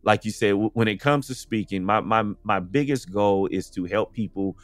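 A man's voice: lowish voice, moderate pace, dry recording. A man from the United States, a podcast guest, speaking in a casual, earnest conversational way and often saying "you know".

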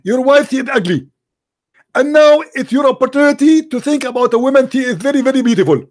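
A man's voice: very high-pitched, animated, brisk, a little mellow, pitched above the performer's own voice. A man doing a pompous, emphatic preacher. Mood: declaiming. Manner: emphatic, declaiming every answer as certain. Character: pompous male preacher, insistent and overconfident.

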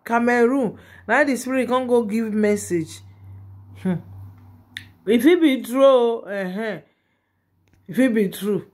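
A woman with a Nigerian Pidgin accent gossips to her viewers in a casual vlog. Her voice sits a little high, and she talks straight to the audience with frequent exclamations. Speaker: gossip vlogger.

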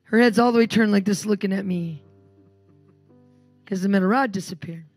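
A woman's voice: medium pitch, moderate pace, no room sound, faint music behind. A woman preacher telling healing stories and praying at a live church meeting, emphatic and commanding. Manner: animated, emphatic storyteller, commanding in prayer. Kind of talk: sermon with storytelling and healing prayer.

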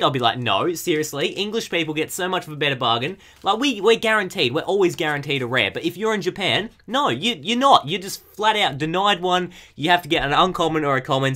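A young Australian man casually chatting while opening trading card packs, goofy and excitable, breaking into loud shouts and giggles. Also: fairly high pitch. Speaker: YouTuber opening trading cards. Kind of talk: excited casual unboxing chat.

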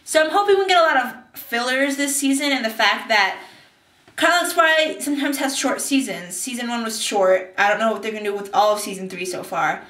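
A woman's voice: a little high, brisk, fairly bright tone, echoey room, recorded from a distance. A young woman recapping a TV episode in a casual vlog, bubbly and acting out scenes in silly voices. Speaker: TV recap vlogger. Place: bathtub.

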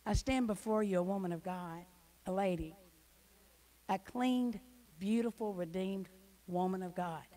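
A middle-aged woman, a guest speaker giving an emotional church testimony that swings from hushed to loud. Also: mid-range voice, creaky, low-quality recording. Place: church hall.

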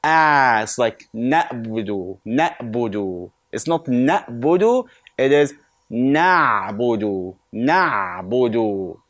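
A man teaching correct Quran recitation. He stretches out model words slowly, then explains quickly and asks questions that he answers himself. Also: medium pitch. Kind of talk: recitation lesson.

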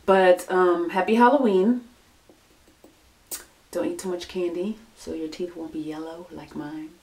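A young woman chatting casually into her home camera, scattered and self-mocking, swinging from loud bursts to low mutters. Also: steady tone, unhurried. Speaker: vlogger. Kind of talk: casual vlog chat.

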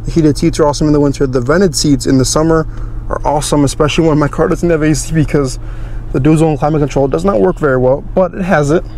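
A man's voice: on the high side, fast talker, darkish tone, slight background noise. A young man hosting a car channel, giving an easygoing, chatty walkthrough of his car's features.

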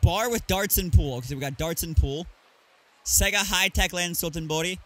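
A man's voice: sits high, normal speed, a bit bright. A man streamer chatting casually over gameplay, reading item names aloud and joking about the game.

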